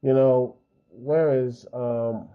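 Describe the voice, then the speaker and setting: A man's voice: medium pitch, steady tone, drawn-out words, smooth. Rambling man with a dull lo-fi mic. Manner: rambling, many fillers and restarts; frustrated, heated. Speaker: video commentary host. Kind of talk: unscripted opinion commentary.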